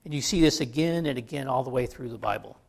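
A pastor giving a relaxed, conversational sermon, folksy and joking, often restarting his sentences. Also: medium pitch, quick pace.

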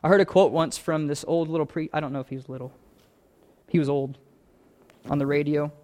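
Male pastor mid-sermon, earnest and repetitive, voice sitting a bit high. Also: fairly even intonation, brisk, darkish tone. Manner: earnest, repetitive phrasing that builds in intensity.

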